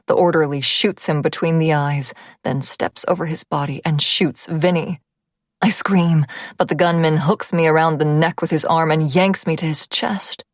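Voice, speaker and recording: A woman narrating a romance thriller audiobook in the first person, with a low-key, steady delivery. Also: dry recording, clean studio sound.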